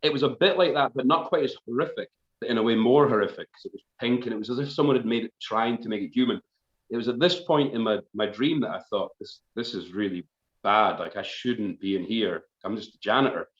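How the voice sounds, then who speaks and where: A man's voice: medium pitch, fairly quick. A man spins a rambling, self-mocking yarn over a live stream. He often stops to laugh at himself. The audio sounds roomy and a little dull, like a stream captured in an echoing indoor space. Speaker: folk band member on live stream. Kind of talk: casual storytelling.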